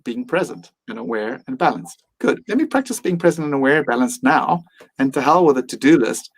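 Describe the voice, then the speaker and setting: A man's voice: fairly high pitch, lively intonation, brisk, rough recording. A man speaking as a podcast guest, reflective and earnest, sometimes acting out his own inner voice. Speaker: mindfulness teacher and guest.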